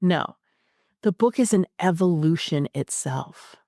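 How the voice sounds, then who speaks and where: A woman hosting a podcast interview, chatting casually and telling stories with animated acted-out voices and frequent laughter. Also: lowish voice, a little fast, dry recording, clean studio sound. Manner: animated storytelling, acts out voices, laughs often. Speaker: podcast host.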